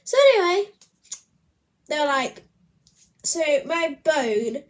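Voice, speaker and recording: A woman's voice: high-pitched, animated, slow. A woman chatting to camera in a casual, rambling vlog, often laughing as she talks. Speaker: vlogger.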